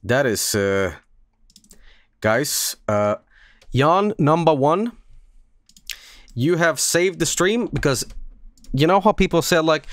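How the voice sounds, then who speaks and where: A man's voice: fairly high pitch, expressive, slow pace, pauses often, dry recording. Crude joking male streamer, dry close mic. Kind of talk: casual live-stream chat.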